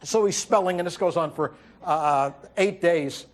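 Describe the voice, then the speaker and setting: Guy doing a wry standup bit, high voice, lots of uh's, acts out the quotes. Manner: wry storyteller, acts out quotes, halting fillers. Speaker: comedian host. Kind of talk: stand-up monologue. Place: TV studio with audience.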